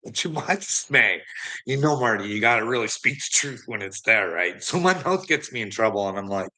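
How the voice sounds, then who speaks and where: A man's voice: lowish voice, lively intonation, moderate pace, bright, forceful tone. A man telling an angry, swear-filled story in a casual rant to a friend. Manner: heated, profane, emphatic. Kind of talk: casual ranting anecdote.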